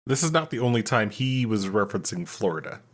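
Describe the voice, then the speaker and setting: A man's voice: fairly low pitch, lively intonation, brisk. A man co-hosting a podcast, tossing in sardonic, swearing jokes. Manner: sardonic, swearing, joking asides. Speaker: podcast co-host. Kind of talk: casual chat.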